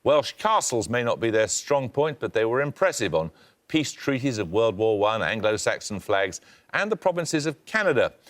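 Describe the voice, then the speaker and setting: A man hosting a televised quiz with crisp, formal delivery. His pitch rises and falls widely as he reads out the questions and scores. He sounds precise and firmly in command. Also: big pitch swings. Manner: brisk, precise, authoritative. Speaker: quiz show host.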